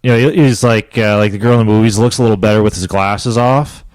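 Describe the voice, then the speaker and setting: Here the young man co-hosting a podcast tells a long, wandering story in easygoing chat, cracking up and adopting high squeaky voices for those he quotes. He speaks fast in a steady, slightly mellow tone with no echo.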